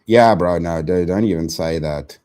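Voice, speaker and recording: A man's voice: low-pitched, moderate pace, mellow. A young man ranting on a live stream, profane and exasperated, saying bro and dude constantly.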